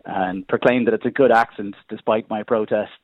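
A man's voice: fairly low pitch, steady tone, brisk, no room sound. An Irish man calling a radio phone-in, talking in a hedging way with many "sort of" fillers. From Ireland. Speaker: radio caller. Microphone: telephone line. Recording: tinny phone line, dry.

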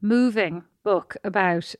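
A woman's voice: medium pitch, slow pace, no echo, studio quality. Chatty Irish woman co-hosting a podcast. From Ireland. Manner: chatty, laughs easily. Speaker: podcast co-host. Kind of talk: casual chat.

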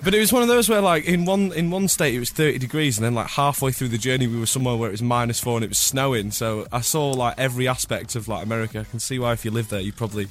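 A young man from Scotland, a singer guest, chatting in a radio interview with a slightly hoarse voice from flu, rambling and laughing often. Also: medium pitch, racing, few pauses, a little hiss or hum. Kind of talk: casual radio interview chat. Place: radio studio.

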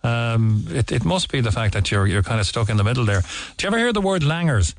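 Cork fella hosting radio, stop-start talk, dry studio sound. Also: male voice, mid-range voice, sing-song, dry recording. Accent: Cork Irish. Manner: halting, many fillers and restarts. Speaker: radio host. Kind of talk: radio chat interview. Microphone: studio mic.

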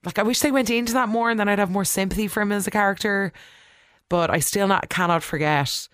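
Casual soap recap, chatty vlogger, opinionated, smooth voice, dry room. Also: mid-range voice, fast talker, fairly bright tone, no echo. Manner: chatty, opinionated, full of "like" and asides; talks back to the characters.

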